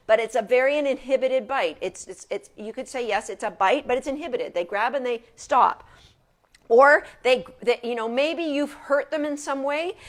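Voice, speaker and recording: A woman dog trainer giving an informal lecture from her couch at home in a chatty, casual way with frequent restarts. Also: on the high side.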